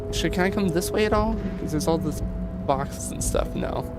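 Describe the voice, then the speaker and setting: A man's voice: a little high, a little fast, loud music behind the voice. A man streaming a game, rambling in a loose, casual way and swearing now and then.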